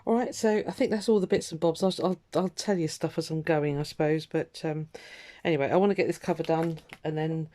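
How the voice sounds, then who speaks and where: A woman's voice: low voice, fairly quick, few pauses, mellow. A woman vlogging her crafting in casual, rambling chat, trailing off and restarting her thoughts with lots of ums. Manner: rambling, chatty, self-interrupting with ums.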